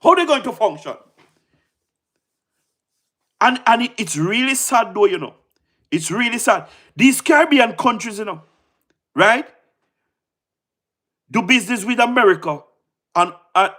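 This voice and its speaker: A Jamaican man with a very high voice gives casual livestream commentary, rushing excitedly through his points. He repeats words, fires rhetorical questions at viewers and laughs often.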